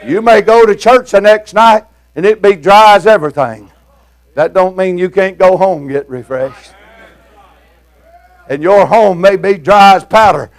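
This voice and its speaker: Older guy preaching hard, real high gravelly voice, folksy, lots of uh's and shouting. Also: measured pace. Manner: shouting preaching cadence with frequent "uh" fillers; folksy, plain-spoken. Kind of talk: fiery sermon.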